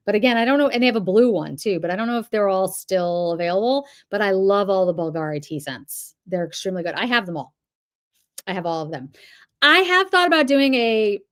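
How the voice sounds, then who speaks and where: A woman hosting a live video, chatty and rambling as she answers viewers one after another. She is middle-aged and from the Boston area, and her voice sits at an ordinary middle pitch. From Boston area, New England. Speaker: livestream host. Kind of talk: casual livestream chat reading comments.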